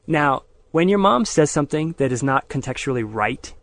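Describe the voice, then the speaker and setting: A man from Pennsylvania, a podcast guest telling stories in a casual, animated way, often laughing. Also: on the high side, normal speed, no room sound. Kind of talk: casual storytelling in a podcast interview.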